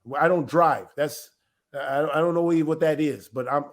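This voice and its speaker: A man voicing a calm, naive young male driver who answers in a slow, puzzled, matter-of-fact way. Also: fairly high pitch, voice pushed down, lightly acted.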